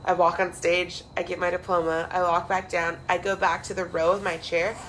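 A woman's voice: fairly low pitch, moderate pace, slight background noise, low-quality recording. A young woman co-hosting a podcast, telling stories in casual chat, acting out quotes and swearing freely. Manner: animated storyteller who acts out quotes and swears freely. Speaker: podcast co-host.

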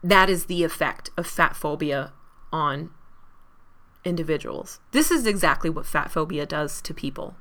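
Passionate bright-voiced woman podcaster. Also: low-pitched, lively intonation, normal speed. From southwestern Ontario, Canada. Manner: passionate, chatty, with frequent fillers. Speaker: podcast host. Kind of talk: casual ranting podcast monologue.

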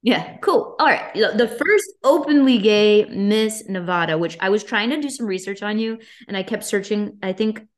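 A woman from Boston hosting a casual podcast interview, chatty and energetic, laughing often. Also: medium pitch, normal speed, few pauses. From Boston, US East Coast. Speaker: podcast host.

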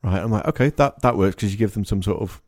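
Man, Manx accent, very deep voice, dry close sound, sweary, animated comedy podcast host. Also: fast, no room sound. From Isle of Man. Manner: sweary, laughing, animated storytelling. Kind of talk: casual comedy chat.

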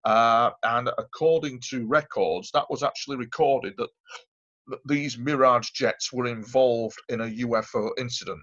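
A man in middle pitch tells his story as an interview guest, rambling and emphatic and circling back on his own words. The audio is dull and lo-fi, with the top end muffled. He talks casually, as if chatting with a mate. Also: normal speed, fairly bright tone. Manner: rambling, emphatic, repeats himself.

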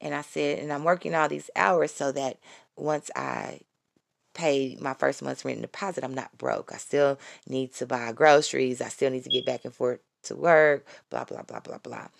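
A woman with a low, gravelly voice gives a fervent, preachy faith testimony in a casual spoken style. She repeats her phrases and keeps calling out to her listeners. The sound is dry and close. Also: steady tone, moderate pace, no room sound. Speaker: vlogger giving a faith testimony.

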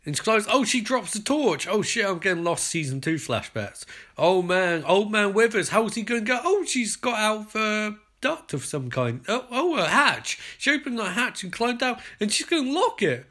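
Lively, sweary British man commentating. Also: sits high, moderate pace. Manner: excitable, sarcastic, swears freely. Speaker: podcast host. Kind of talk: sweary running commentary on a show.

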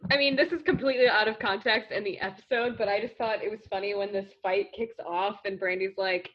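A woman's voice: medium pitch, fairly even intonation, a little fast, muffled recording. A woman co-hosting a casual reality TV recap chat, laughing often and chiming in with quips. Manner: giggly, chimes in with quips. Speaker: podcast co-host.

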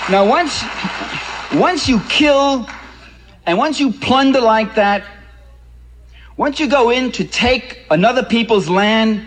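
A man's voice: high-pitched, poor audio. A man giving a public lecture in an impassioned, ironic way, building emphasis on key points.

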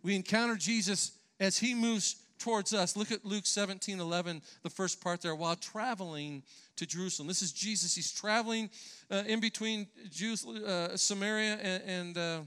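A man's voice: high-pitched, normal speed, pushed and bright, clean tone. A man preaching a sermon in church, earnest and emphatic, sometimes restarting his phrases. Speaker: pastor.

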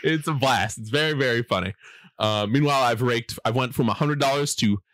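A man casually telling a long anecdote to a friend, animated, often laughing and mimicking people. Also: medium pitch, brisk, no echo, clean studio sound. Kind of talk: casual storytelling chat.

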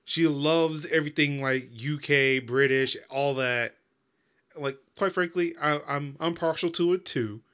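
A man's voice: on the high side, a little slow, a bit bright, clear, resonant tone. A man from the American South with a neutral American accent, chatting casually and hesitantly as a podcast host. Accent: neutral American, Southern softened. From Southern United States. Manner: hesitant, stammering restarts. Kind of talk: casual chat.

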